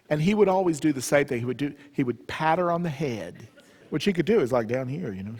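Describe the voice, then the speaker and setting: A man telling a humorous family story at a church retreat, animated and playful. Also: on the high side, fast talker, husky. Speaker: retreat speaker. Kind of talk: storytelling talk. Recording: long church reverb.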